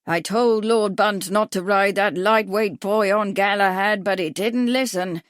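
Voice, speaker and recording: A woman reading voices a deaf, gruff elderly male doctor who talks loudly and sharply. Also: mid-range voice, measured pace, no echo, clean studio sound, close to an everyday voice. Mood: gossiping. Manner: loud, sharp, scolding.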